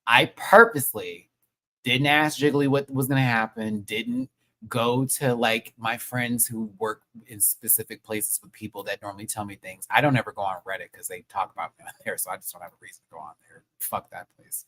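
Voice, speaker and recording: A young man chatting casually on a live stream review, excitable and swearing often. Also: mid-range voice, fairly quick, poor audio.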